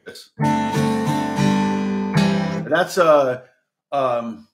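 A man's voice: medium pitch, very slow. A man teaching guitar on a live stream, answering viewers' questions in a rambling way that keeps correcting itself. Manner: rambling and self-correcting, chatty. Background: guitar playing.

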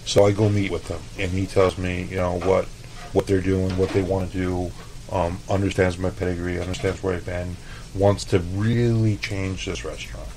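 Laid-back chef guy from el paso, swears a lot, pretty low voice. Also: level tone, normal speed, a little mellow, a little hiss or hum, rough recording. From El Paso, Texas. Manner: profane, laid-back storyteller. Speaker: chef, podcast guest. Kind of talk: casual storytelling interview.

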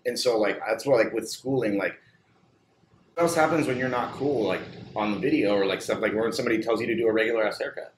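A low-pitched man talks shop as a barbershop owner, animated, cursing casually and packing his sentences with "like." The room around him is echoey, with a faint hum underneath. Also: quick pace. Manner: animated, swears freely, fills with "like". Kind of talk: casual chat. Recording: roomy echo, faint background hum.

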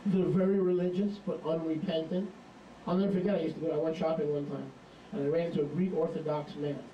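A man preaching a sermon in an emphatic, animated storytelling manner, recorded from a distance in a hall. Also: a little high, fast, highs cut off, slight background noise.

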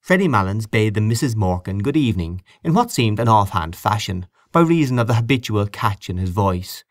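Man reading a classic story aloud, low lively voice, dry close sound. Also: dry recording. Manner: measured, expressive storytelling. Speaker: narrator. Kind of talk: audiobook reading of literary fiction.

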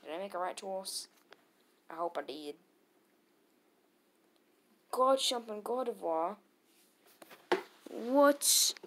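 A woman casually commentating her own game battles, muttering to herself and bursting into loud cheers. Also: medium pitch, expressive, slow pace, long pauses, background noise.

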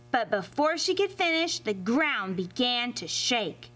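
A woman reading a fairy tale aloud to children as a library storyteller, expressive and animated. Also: high-pitched, measured pace, few pauses, faint music behind. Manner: expressive and animated, addressing kids.

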